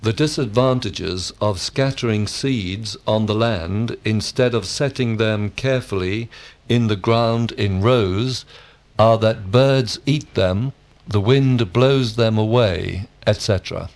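A man recites model answers in complete sentences. He speaks slowly and evenly, in a somewhat low voice. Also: a little mellow. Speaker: model student. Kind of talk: scripted drill answers.

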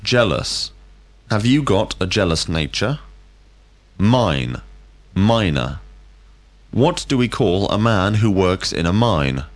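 Running through a scripted vocabulary drill, a deep-voiced language teacher poses every question with clear, deliberate care. He is very animated, his pitch climbing and dropping over a wide range.

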